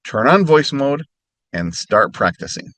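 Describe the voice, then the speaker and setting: A man teaching phrases as a language lesson, speaking slowly and carefully and repeating each phrase more slowly. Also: medium pitch, very animated, pushed and bright, no room sound. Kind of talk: instructional narration.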